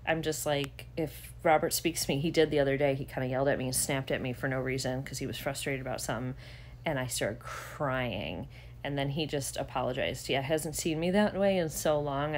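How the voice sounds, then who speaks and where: A woman chats casually to her viewers from home, rambling with plenty of "like" fillers. Her voice sits quite low for a woman, with a faint hiss behind it. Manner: chatty, lots of "like" fillers. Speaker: vlogger. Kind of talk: casual chat.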